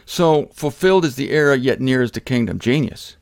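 A male preacher with a mid-pitched voice gives a loose, jokey Bible teaching, often rising into loud emphatic bursts and then dropping to quiet asides. The recording is dry and close, with no room sound around him. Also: animated, a little fast, dry recording. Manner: conversational, jokey, addresses listeners directly.

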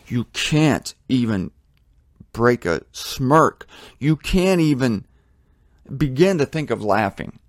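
A man's voice: a little high, no echo, clean studio sound. A man preaching a sermon on headphones in a blunt, indignant, emphatic way. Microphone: headphones on, close mic.

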